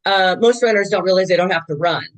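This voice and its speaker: A woman in her sixties, a veteran softball umpire, telling game stories in a chatty, animated way with lots of fillers. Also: on the low side, fast talker, low-quality recording. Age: 60s. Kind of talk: casual interview storytelling.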